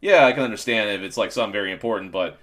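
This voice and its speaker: Brief: laid-back joking man, deeper voice, rapid and animated delivery. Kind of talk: casual chat.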